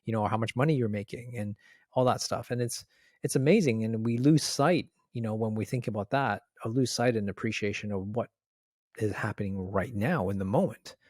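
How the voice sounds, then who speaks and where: Canadian man, chatty and animated. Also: on the low side, brisk, no echo, studio quality. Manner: animated storyteller, mimics people, laughs often. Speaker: podcast co-host. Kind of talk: casual chat.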